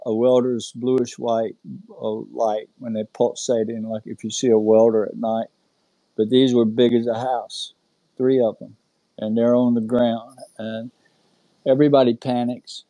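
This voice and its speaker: A middle-aged man telling a personal story in an earnest, halting way, with many fillers. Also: mid-range voice, dark tone, no echo, poor audio. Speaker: guest recounting an experience. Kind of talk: casual storytelling on a live audio chat.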